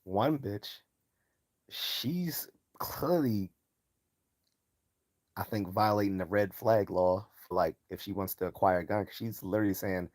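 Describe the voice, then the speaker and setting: A man's voice: on the low side, a little slow, pauses often, darkish tone, no echo. A man hosting a live stream in a casual commentary style, loose and mocking, chuckling often and swearing freely.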